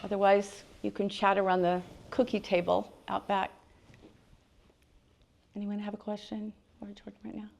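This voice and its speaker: A woman hosting an interview with an author before an audience, giving gentle prompts and brief affirming responses. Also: medium pitch, level tone, moderate pace, vocal fry, pauses often, slight background noise. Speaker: interview host and moderator. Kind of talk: moderating a live author talk. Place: event hall with an audience.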